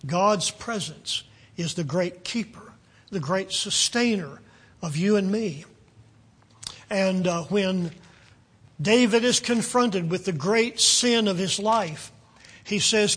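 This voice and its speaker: A man preaching a sermon, reading scripture aloud slowly and deliberately and rising loudly on key phrases. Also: high voice, slightly rough.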